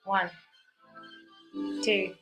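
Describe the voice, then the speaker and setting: A woman's voice: very slow, fairly bright tone, soft background music, poor audio. A young woman giving a chatty, encouraging step-by-step painting lesson for kids while she paints. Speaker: painting instructor.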